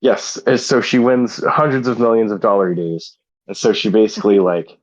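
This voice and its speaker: Lower-voiced man, playful rambling storyteller. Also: moderate pace, dull audio. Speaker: podcast co-host. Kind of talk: casual chat, improvised movie pitch.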